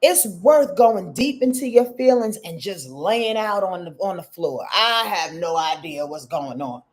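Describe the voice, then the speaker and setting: A woman hosting a casual live-stream astrology reading, expressive and chatty, speaking straight to her viewers. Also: on the low side, unhurried. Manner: expressive, talks straight to viewers, greets chat by name.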